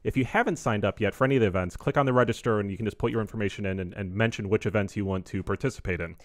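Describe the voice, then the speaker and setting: A man hosting a podcast interview, guiding the talk with brisk questions and sign-up reminders. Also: lowish voice, no echo. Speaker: host.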